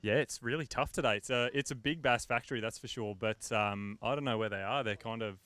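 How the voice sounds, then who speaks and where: Brief: male angler, mid pitch, smooth and clear, modest and easygoing, dry sound. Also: brisk, fairly bright tone, dry recording. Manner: modest, laid-back, with fillers. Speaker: tournament angler. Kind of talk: casual interview answers.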